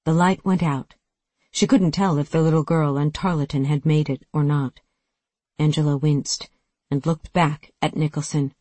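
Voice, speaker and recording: An audiobook narrator reads a tense science fiction story in a steady, dramatic delivery. The voice sits at a middle pitch, and the recording is dry and close, with no room sound. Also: moderate pace, dry recording. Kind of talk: scripted narration.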